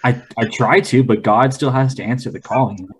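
Man, mid pitch, tabletop player, jokey, halting speech. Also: a little hiss or hum. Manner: joking, halting, repeats himself. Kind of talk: casual tabletop play.

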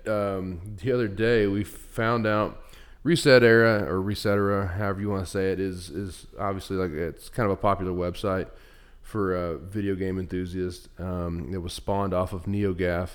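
A man's voice: deep voice, fairly even intonation, normal speed, smooth. A young man co-hosting a podcast, telling stories in a rambling casual chat full of fillers and restarts. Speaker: podcast co-host.

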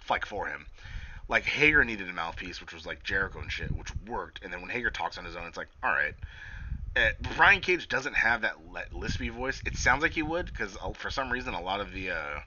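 Profane, excitable young man, sharp bright voice. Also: low voice, a little hiss or hum. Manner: profane, excitable, acts out quotes. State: tired, yawning. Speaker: podcast host. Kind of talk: casual wrestling recap. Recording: dull lo-fi sound.

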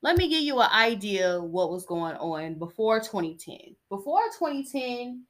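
Soft-spoken, blunt young woman podcaster. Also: big pitch swings, normal speed. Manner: soft-spoken, low-key delivery; blunt and opinionated, with slangy asides. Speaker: podcast host. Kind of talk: casual solo podcast monologue.

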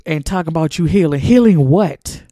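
A man's voice: fairly high pitch, lively intonation, brisk, dark tone, no room sound, clean studio sound. A man hosting a podcast, preaching a monologue in an emphatic, colloquial, repetitive cadence. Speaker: podcast host.

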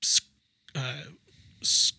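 Rambling, bright-voiced man chatting. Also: very slow, no room sound. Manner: rambling, self-interrupting, joking. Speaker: podcast co-host. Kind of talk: casual chat.

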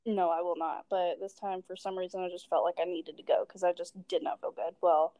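A woman's voice: fairly low pitch, level tone, fairly quick, warm tone, dry recording, low-quality recording. A young woman from Tennessee with a Southern American accent, chatting easily and folksily as a podcast co-host. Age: young adult. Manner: easygoing, folksy, laughs readily. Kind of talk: casual chat.

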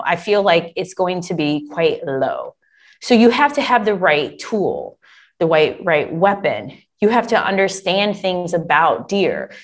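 A woman coaching an audience in a lively, chatty way, calling them y'all. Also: on the low side. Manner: animated, chatty, addresses listeners as y'all. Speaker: government contracting coach. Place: Michigan.

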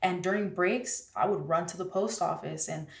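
Woman guest, animated storyteller, sits back from the mic in a roomy space. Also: fairly low pitch, moderate pace, creaky, far from the mic. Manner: animated, heavy use of "like". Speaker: guest artist. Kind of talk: casual storytelling in conversation.

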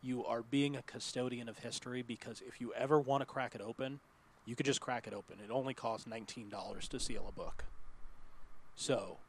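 A man hosting a podcast in casual chat, relaxed and friendly. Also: mid-range voice, slight background noise. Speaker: podcast host.

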